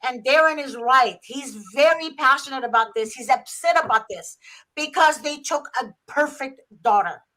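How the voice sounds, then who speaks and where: Emphatic female host with a bright, forceful voice. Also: sits high, moderate pace. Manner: emphatic, exasperated. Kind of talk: talk-show conversation.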